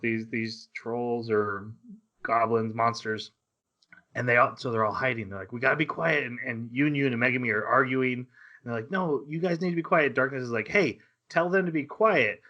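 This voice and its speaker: A man co-hosting a casual anime podcast, retelling scenes with quick voiced asides and laughter. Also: medium pitch, bright, forceful tone, highs cut off. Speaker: podcast co-host.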